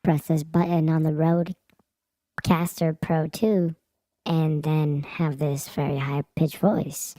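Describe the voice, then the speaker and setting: Squeaky pitched-up voice, guy on a voice changer, kinda flat and dark. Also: slow pace. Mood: demonstrating. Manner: casual, demonstrating a voice changer. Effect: pitch-up voice effect.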